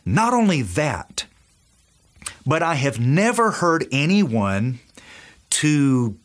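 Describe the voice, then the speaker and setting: Speaking extremely slowly, a preacher with a Southern US accent teaches from the Bible in a fairly high voice with big pitch swings. He delivers it enthusiastically, acting out quoted dialogue.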